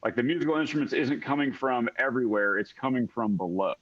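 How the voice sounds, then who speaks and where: A man's voice: mid-range voice, animated, fast, a bit bright. Rambling male game master, dull audio. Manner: rambling, full of fillers. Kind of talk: narrating a tabletop game.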